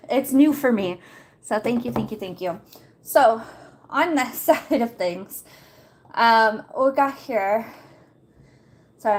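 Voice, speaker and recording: A woman's voice: a little high, a little hiss or hum. Woman, livestream host, casual walkthrough, chatty, laughs a lot, talks to chat, at home.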